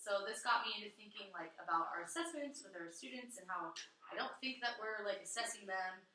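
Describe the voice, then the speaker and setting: A woman's voice: medium pitch, animated, brisk, pushed and bright, a little hiss or hum. A young woman student teacher thinking aloud in a casual group discussion, with hesitant fillers. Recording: very echoey room, far from the mic.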